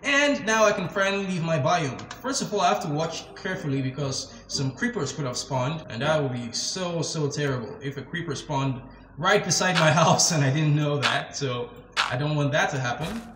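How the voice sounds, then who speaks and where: A young man hosting a gaming channel, narrating his game step by step in a jumpy, excitable way, quick to get scared and laugh. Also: on the high side, a little hiss or hum. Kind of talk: casual gameplay commentary. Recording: roomy sound with game music behind. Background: game music.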